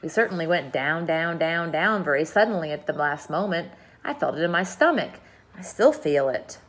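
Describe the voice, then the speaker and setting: A woman's voice: lively intonation, moderate pace. A woman voicing a gloomy, grumbling male earthworm in a storybook reading. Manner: gloomy, low and glum. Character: sour old male earthworm, gloomy worrier.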